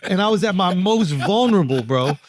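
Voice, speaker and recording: A man's voice: high voice, fairly quick. A man co-hosting a podcast, telling stories and acting out the lines people said to him in casual banter. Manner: animated storyteller, acts out quotes. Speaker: podcast co-host.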